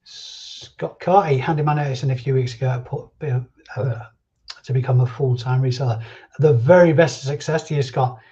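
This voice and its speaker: A man with a warm, steady mid-range voice talks at a normal speed while hosting a casual live stream. He reads out viewer comments, answers them chattily, and rambles from one thought to the next. The stream audio is dull and lo-fi.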